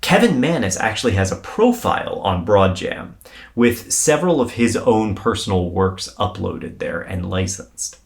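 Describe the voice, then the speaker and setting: A man co-hosting a podcast, telling a paranormal story in a casual, animated way and swearing freely. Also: lowish voice, normal speed, creaky. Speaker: podcast co-host.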